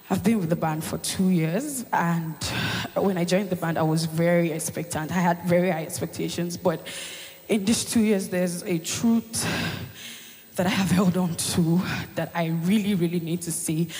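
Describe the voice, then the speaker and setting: A woman from a church band speaking in an emotional staged skit that builds to loud praise. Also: on the low side. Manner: emotional, rising to proclamation. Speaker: band member. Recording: long hall reverb, music behind.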